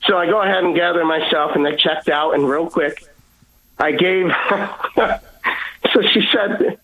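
A man's voice: fairly high pitch, moderate pace, fairly bright tone, rough recording. Earnest man telling his testimony. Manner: earnest, repeats words, acts out voices in his story. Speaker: guest. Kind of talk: personal testimony storytelling.

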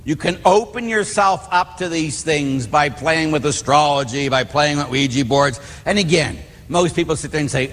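A middle-aged man from the Pittsburgh area, a Catholic priest telling stories in a homily, animated and acting out voices. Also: on the high side, normal speed, hardly any pauses, in a large hall. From Pittsburgh area, United States. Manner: animated storyteller, acts out voices in quotes. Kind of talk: storytelling homily.

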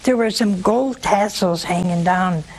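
A woman's voice: fairly low pitch, unhurried, rough recording. A woman with a sore throat telling an audience the story of a saint, breaking in with homely, humorous asides. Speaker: religious storyteller.

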